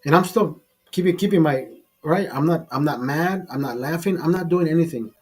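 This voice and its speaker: Husky man telling a rambling bar story. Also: on the high side, brisk, soft background music. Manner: profane, rambling anecdote with many restarts. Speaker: host. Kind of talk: casual storytelling.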